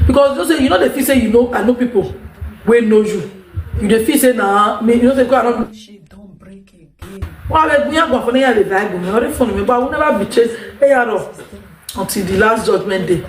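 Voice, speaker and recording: A Nigerian woman talking straight to her viewers, emphatic and rambling, repeating her points. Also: a little high. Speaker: vlogger. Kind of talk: unscripted monologue to viewers. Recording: echoey room.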